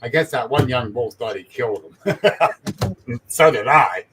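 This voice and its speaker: A man's voice: medium pitch, animated, normal speed, a bit bright, slight background noise. An older man, a grandfather, telling easygoing stories in casual chat and chuckling as he goes.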